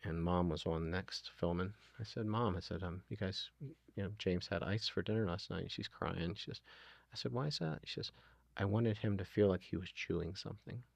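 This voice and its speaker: A man's voice: sits low, steady tone, normal speed, gravelly, no room sound. A middle-aged man talking earnestly as an interview guest, retelling conversations with plenty of ums and you-knows. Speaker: guest, food nonprofit founder.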